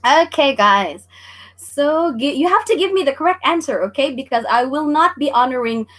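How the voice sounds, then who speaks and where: Bubbly high-voiced woman teacher. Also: expressive, normal speed. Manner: bubbly, laughs often, greets chat viewers by name. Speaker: online Japanese teacher. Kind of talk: livestream lesson, chatty quiz hosting.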